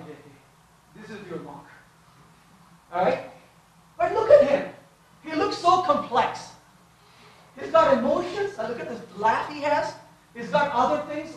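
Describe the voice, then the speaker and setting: A man giving a lively live technical talk, asking his audience question after question as he codes on stage. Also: very high voice, slight background noise. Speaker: conference speaker. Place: large conference hall. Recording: echoey hall from far off.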